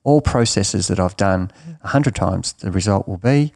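A man's voice: deep voice, normal speed, gravelly, darkish tone, no room sound, studio quality. A middle-aged man giving emphatic coaching advice in an interview, often repeating and restarting his words. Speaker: triathlon coach.

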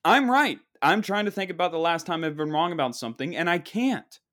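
A man's voice: a little high, expressive, quick pace, fairly bright tone. A man hosting a podcast, telling a comedic story in a rambling, sarcastic, mock-boastful way. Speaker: podcast host.

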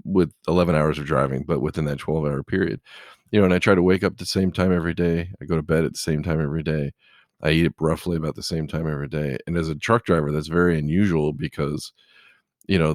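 A middle-aged truck driver chats casually in a deep, slightly mellow voice, telling rambling stories packed with "you know". The sound is studio quality with no echo.

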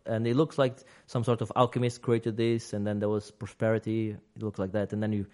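A man's voice: lowish voice, little pitch movement, brisk, darkish tone. A man hosting a casual games podcast, talking at length, restarting sentences and laughing easily. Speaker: podcast host.

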